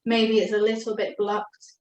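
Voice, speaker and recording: A woman giving a gentle, reassuring spiritual chakra reading as a coach. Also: mid-range voice, monotone. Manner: gentle, reassuring, speaks slowly when addressing her guide. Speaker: oracle card reader and coach. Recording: echoey room.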